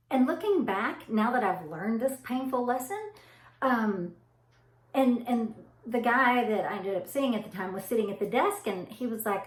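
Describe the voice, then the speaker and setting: A woman's voice: a little high, lively intonation, normal speed. A middle-aged woman with a Southern US accent, chatting casually to her viewers in a rambling, friendly way. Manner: chatty, rambling, says y'all. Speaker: vlogger. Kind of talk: casual chat to camera. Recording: echoey room.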